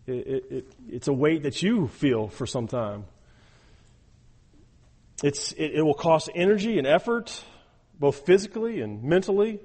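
A man's voice: on the high side, expressive, unhurried, long pauses, darkish tone, breathy edge, big-room sound. A man preaching a sermon as a pastor, talking earnestly, often restarting sentences and checking in with "okay" and "all right". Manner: earnest, repeats words when starting sentences, frequent okay and all right.

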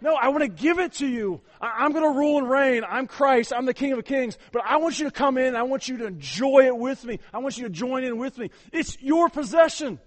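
Christ as a welcoming king, put on by a preaching man, pleading loudly and emphatically in a voice pitched well above his usual. He speaks with fervent warmth, urging listeners to join him. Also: animated, fairly quick, hardly any pauses. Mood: earnest. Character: adult male Christ as a generous, welcoming king.

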